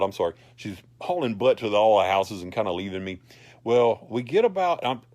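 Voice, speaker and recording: A man, animated and rambling as he tells a personal story to a group. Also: lowish voice, no room sound. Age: 40s. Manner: rambling, animated, laughs through his lines.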